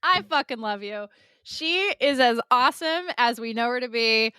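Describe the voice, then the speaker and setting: Bright, lively woman co-host who swears casually. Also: on the high side, normal speed, smooth, dry recording, studio quality. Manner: expressive, laughs often, swears casually. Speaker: podcast co-host. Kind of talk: casual chat.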